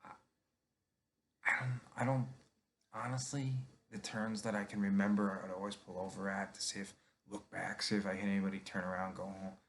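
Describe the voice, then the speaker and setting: A middle-aged man with a very low, gravelly voice tells his own story. He speaks candidly and confessionally, acting out the people he quotes in his own voice. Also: little pitch movement, normal speed, a bit bright, slight background noise. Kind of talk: personal storytelling monologue.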